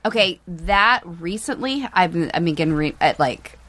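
A woman chatting as a podcast guest, lively and laughing often, saying "y'all". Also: fairly low pitch, moderate pace, no room sound. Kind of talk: casual chat.

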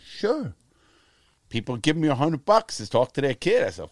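A man's voice: medium pitch, normal speed, creaky, no room sound, clean studio sound. A middle-aged American man telling his life story in casual chat, blunt and profane, acting out the people in his stories. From United States. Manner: profane, blunt storytelling with lively quoted voices.

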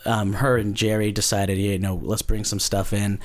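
A man's voice: fairly low pitch, flat delivery, normal speed. A man chatting casually about hosting a small comedy show, rambling and self-deprecating. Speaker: comedy show host, guest. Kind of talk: casual podcast chat.

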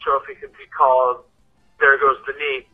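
A man leaving a relaxed, somewhat halting voicemail for a podcast. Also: mid-range voice, soft background music. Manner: relaxed, easygoing, a bit halting. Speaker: caller. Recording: dull phone-line voicemail.

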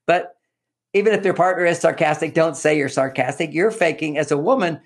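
Gravelly man giving relationship advice. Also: on the high side, brisk. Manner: repeats words, acts out quoted lines. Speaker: relationship author, interview guest. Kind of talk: animated advice talk in an interview.

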